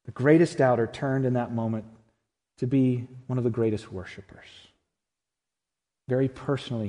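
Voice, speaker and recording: A man's voice: mid-range voice, fairly even intonation, moderate pace, pauses often. Emphatic male pastor in a reverberant church. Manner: emphatic, swinging from loud to hushed and intimate. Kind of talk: Easter sermon. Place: church sanctuary.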